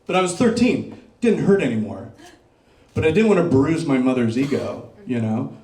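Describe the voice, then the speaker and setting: A middle-aged man performing a stand-up comedy set, doing crowd work and dropping deadpan dark punchlines on a club stage. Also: medium pitch, moderate pace. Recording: roomy club sound, mic picked up from a distance.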